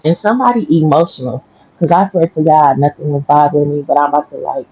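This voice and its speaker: A low, husky woman, just awake and chatting quietly on an early-morning livestream from home. Her voice is mellow and sits close and dry on a dull, lo-fi stream. She rambles loosely from one thought to the next. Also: quick pace, dry recording. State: just woke up. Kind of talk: casual storytelling livestream. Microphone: headphones with mic.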